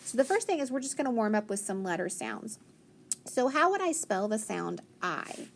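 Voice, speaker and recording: A woman's voice: on the high side, sing-song, a little hiss or hum. Patient woman teaching phonics. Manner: patient, encouraging, sounds words out slowly. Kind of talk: phonics lesson for young children.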